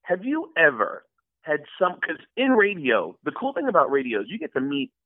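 A man chatting as a guest, spinning anecdotes with an animated, swinging delivery. He comes through a thin, phone-like line. The sound is dry and close. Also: normal speed, dry recording. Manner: animated storyteller, acts out quotes with big pitch jumps. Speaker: guest, voice actor and impressionist. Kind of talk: casual storytelling interview.

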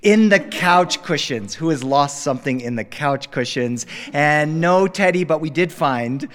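A man telling a story to a live studio audience, animated and bilingual, with asides to the crowd. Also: fairly high pitch, measured pace. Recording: long reverb, live studio.

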